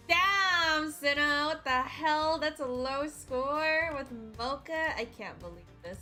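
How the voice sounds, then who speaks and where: A woman's voice: sits high, expressive, slow pace, sharp tone, soft background music. A woman streamer chatting casually with her viewers, playful and teasing, with frequent giggles.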